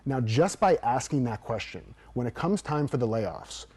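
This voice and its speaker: A man's voice: medium pitch, moderate pace, breathy edge. A man who is a performance coach, telling stories as an interview guest and acting out the people in them. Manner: animated storyteller acting out quotes.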